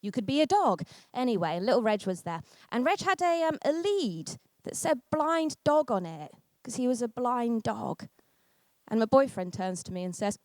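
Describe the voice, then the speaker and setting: Young woman, stand-up comic, sardonic, fairly high voice, dry close sound. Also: sing-song, no echo. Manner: sardonic, self-deprecating, quick asides to the audience. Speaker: stand-up comedian. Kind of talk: stand-up comedy set.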